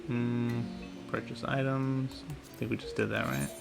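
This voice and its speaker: A man's voice: mid-range voice, little pitch movement, a little slow, vocal fry, over music. A man casually thinking aloud while playing a video game. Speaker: gamer. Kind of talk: casual gameplay commentary.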